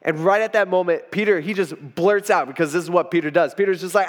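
Chatty preacher in a reverberant hall. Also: male voice, high-pitched, fast, few pauses. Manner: chatty, acts out quotes, many fillers. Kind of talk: casual storytelling sermon.

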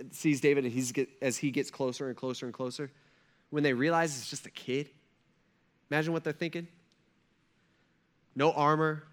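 A male pastor preaching a sermon in an animated, conversational storytelling way, full of casual fillers. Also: a little high.

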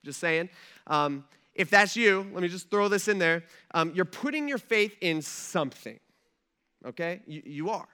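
High, bright-voiced man preaching casually. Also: expressive, unhurried, clean tone. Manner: conversational, repeats "right?" and "all right". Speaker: pastor. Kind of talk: sermon.

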